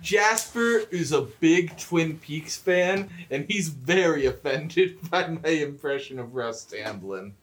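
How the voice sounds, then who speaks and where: A man's voice: a little high, slow, few pauses. A man co-hosting a podcast, talking casually about a film in a loose, rambling way with lots of "like" fillers. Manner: relaxed, rambling, many "like" fillers. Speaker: podcast co-host. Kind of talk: casual chat.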